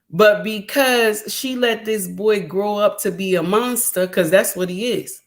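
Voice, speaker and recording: A middle-aged woman hosts a livestream and lectures her viewers in a preachy, emphatic way. She circles back to the same points over and over and speaks to her audience directly. Her pitch sits in an ordinary middle range. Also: measured pace, few pauses. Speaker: livestream host.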